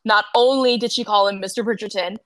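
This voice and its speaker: A woman co-hosting a casual fan recap podcast, excitable, gasping and swearing freely as she talks. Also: medium pitch, a little fast. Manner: excitable, swears a lot, gasps often. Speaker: podcast co-host.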